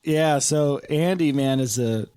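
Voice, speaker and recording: A man's voice: on the high side, unhurried, mellow, clean tone, no echo. Enthusiastic male musician, dry sound. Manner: enthusiastic, jokey, many fillers. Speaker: composer and bandleader guest. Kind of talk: casual interview.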